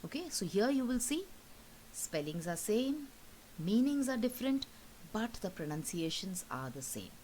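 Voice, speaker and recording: A woman's voice: medium pitch, sing-song, normal speed, darkish tone, a little hiss or hum, low-quality recording. A woman teacher with an Indian English accent giving a recorded school lesson, explaining patiently, repeating points and checking in with "okay?". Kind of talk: recorded online class lesson.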